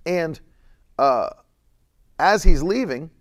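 A man preaching a sermon with a lively, swooping delivery. His voice sits a little high, and he stretches key words and cries out loud when he quotes scripture. He laughs lightly between points. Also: takes it slowly. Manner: laughs between points, reads chat comments.

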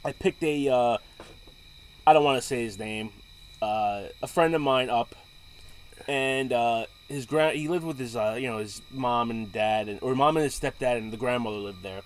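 A man's voice: medium pitch, moderate pace. A man in casual chat, rambling through stories and laughing often.

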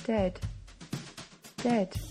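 Woman voicing a master thief, intense, commanding, mid-pitched, storybook reading. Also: animated, moderate pace, faint music behind, lightly acted. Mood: grief-stricken. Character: hot-tempered master thief, grown man.

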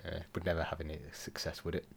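Deadpan man in casual banter. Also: very deep voice, fast, creaky, a little hiss or hum. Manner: dry, deadpan quips. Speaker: podcast co-host. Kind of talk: casual chat.

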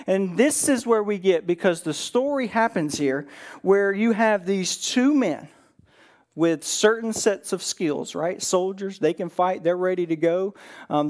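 A man preaching as a pastor in a church, retelling a Bible story and acting out the characters' lines with a rising voice. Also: high-pitched. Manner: animated, acts out quotes with rising voice, fillers like "right?".

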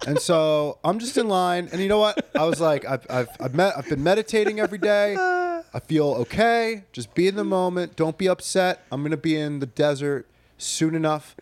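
A man's voice: sits high, moderate pace. Brief: casual male podcast co-host, easygoing storyteller, swears freely. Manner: laid-back, swears a lot, animated when telling stories.

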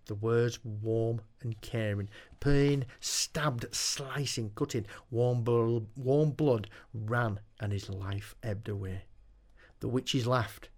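Male narrator for a horror tale; unhurried, dramatic delivery. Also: mid-range voice, steady tone, a little mellow. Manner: slow, deliberate, dramatic reading. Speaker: storyteller. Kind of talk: horror story reading.

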